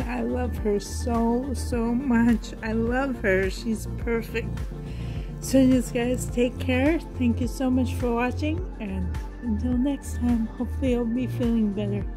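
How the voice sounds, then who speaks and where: A woman's voice: on the high side, steady tone, over music. A woman vlogger gushing over a new doll in a casual unboxing vlog, coughing now and then. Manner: gushing, breathy with delight, slow.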